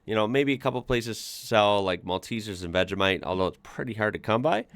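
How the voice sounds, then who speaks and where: A man's voice: on the low side, lively intonation, brisk, fairly bright tone, no echo. A man hosting a casual reaction video, chatting with lots of fillers and laughing often.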